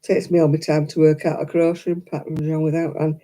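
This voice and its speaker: Chatty older Oldham woman, dark-toned. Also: sits low, little pitch movement, a little fast. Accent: Oldham, Lancashire. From Oldham, England. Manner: chatty, opinionated, laughs often. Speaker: crochet livestream host. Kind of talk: casual chat with live viewers. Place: home, crafting at a table.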